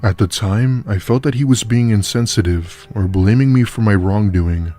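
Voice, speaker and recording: A man narrating a first-person horror story in a measured, steady storytelling style. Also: on the low side, faint music behind.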